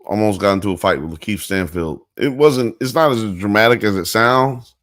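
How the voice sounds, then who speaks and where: A man's voice: on the low side, normal speed, fairly bright tone, dry recording, studio quality. A man hosting a live show, chatting in a loose, rambling, slangy way. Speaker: podcast host. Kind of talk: casual live-show chat.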